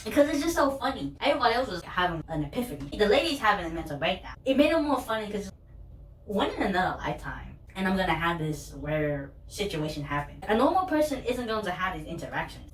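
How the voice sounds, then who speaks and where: A woman's voice: lowish voice, very animated, fast. A young woman and student telling candid, rambling personal stories in a vlog, laughing at herself. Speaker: vlogger, student. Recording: roomy, distant, faint hum.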